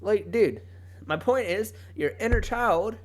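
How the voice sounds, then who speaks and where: A man's voice: high voice, lively intonation, unhurried. A young man hosting a solo podcast, talking casually in a rambling way, often cutting himself off and laughing. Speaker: podcast host. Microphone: home podcast mic.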